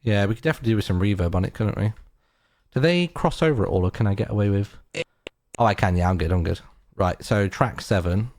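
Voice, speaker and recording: A man streaming casually, thinking aloud to himself as he edits audio, relaxed and musing. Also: on the low side, fast. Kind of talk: casual commentary while editing audio. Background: music track playing from his editor.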